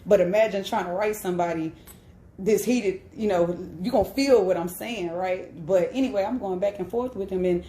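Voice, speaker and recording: A woman's voice: mid-range voice, moderate pace, dark tone, reverberant. A woman in her thirties sharing a personal story on a live stream, candid and emphatic, often checking in with "right?". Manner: candid and emphatic, with frequent "right?" tag questions. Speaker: host.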